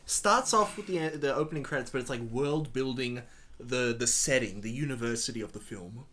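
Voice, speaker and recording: A man co-hosting a podcast in a mid-pitched voice. He chats casually about the movie, pointing out details and stumbling over restarts as he goes. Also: moderate pace, fairly bright tone. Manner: chatty, explains details with restarts. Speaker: podcast co-host. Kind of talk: casual movie commentary chat.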